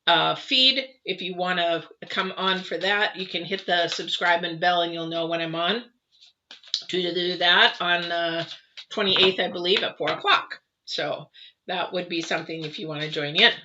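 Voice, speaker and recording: A woman's voice: lowish voice, normal speed, pushed and bright. A woman reading tarot cards live for viewers, chatty and rambling, with many ums and restarts. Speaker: tarot reader. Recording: dull lo-fi with clear background noise.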